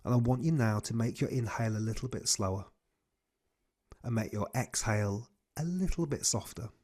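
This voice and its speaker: A man leading a guided breathing class on a video call, giving slow, soothing cues. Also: mid-range voice, darkish tone. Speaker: breathwork coach.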